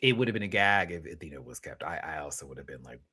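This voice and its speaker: A young man hosting a live review chat, sassy and animated, laughing and then dropping to quiet asides. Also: a bass voice, quick pace, slightly rough. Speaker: host reviewing a reality show live.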